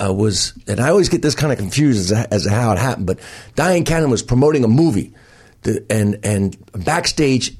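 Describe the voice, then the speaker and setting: A man's voice: medium pitch, breathy edge. A man in his sixties telling stories from his comedy career in a casual interview, acting out other people's lines as he goes. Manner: rapid, animated, acts out others' lines. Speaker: comedian guest.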